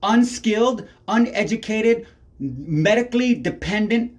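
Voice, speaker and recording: A man's voice: sits high, animated, a little slow. A man angrily ranting to his camera as a tenant, swearing constantly and rambling from point to point. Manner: heavy swearing, agitated and rambling. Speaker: tenant filming a neighbor. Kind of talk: angry ranting vlog. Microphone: handheld camera.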